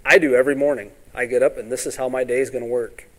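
A man preaching a sermon in a folksy way, often asking "all right?" and acting out Bible scenes in quick voices. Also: medium pitch, steady tone. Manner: ends points with "all right?".

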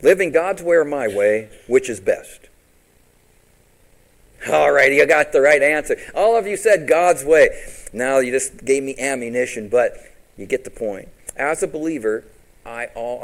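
A man's voice: medium pitch, lively intonation, a little slow, low-quality recording. A man preaching a sermon as pastor, quoting scripture and asking his congregation questions, with big rises and drops for emphasis.

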